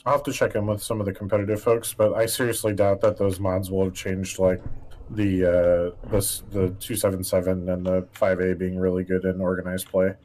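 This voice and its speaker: A man's voice: sits low, flat delivery, a little fast, darkish tone. A man co-hosting a game livestream, answering chat questions in a loose, rambling way with lots of restarts. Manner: rambling, many fillers and restarts. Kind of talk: casual livestream chat while gaming.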